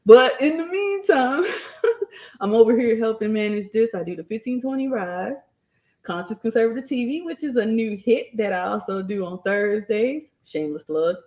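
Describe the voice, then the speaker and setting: A woman's voice: a little high, lively intonation, normal speed, darkish tone. A young adult woman, chatting casually on a live stream, laughing often and raising her voice when quoting herself. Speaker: streamer and channel host.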